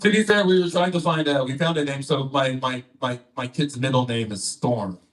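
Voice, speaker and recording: Male comic, dry and halting delivery, distant club mic. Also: mid-range voice. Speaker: stand-up comedian. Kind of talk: stand-up comedy set. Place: comedy club stage.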